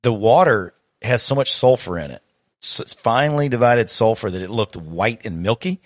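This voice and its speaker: A man's voice: fairly low pitch, lively intonation, moderate pace, no room sound, clean studio sound. Laid-back man in casual chat. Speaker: podcast co-host.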